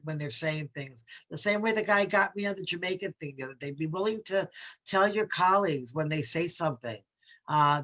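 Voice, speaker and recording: A woman's voice: low-pitched, a bit bright. A woman from New York leading a workshop on bias, talking conversationally and reading quotes aloud with emphasis. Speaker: diversity workshop presenter.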